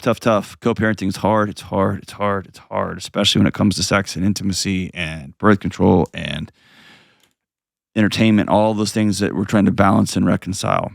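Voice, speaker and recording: A man's voice: on the low side, creaky, no room sound, studio quality. A middle-aged man hosting a call-in advice show, talking earnestly and repeating phrases for emphasis. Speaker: call-in show host and counselor.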